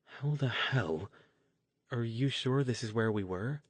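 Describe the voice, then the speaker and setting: A man voicing a practical young woman who talks in a brisk, down-to-earth way. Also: medium pitch, no room sound.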